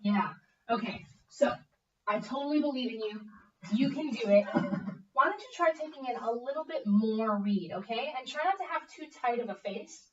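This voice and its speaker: Young woman, bright higher voice, encouraging music teacher; recorded from a distance in an echoey room, slightly dull sound. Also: lively intonation, normal speed, over a noisy crowd. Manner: upbeat, coaching with frequent okay checks. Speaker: bassoon teacher. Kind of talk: encouraging one-on-one music lesson.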